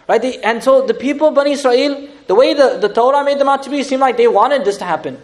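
A man giving an animated lecture on scripture as an Islamic teacher, with lively, dramatic retelling and laughing asides. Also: extremely high pitch, fast, few pauses.

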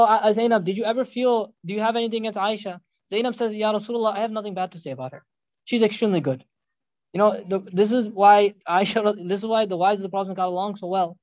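Male preacher, high voice, very fast delivery, storytelling sermon with recitation, dry close sound. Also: no echo, highs cut off.

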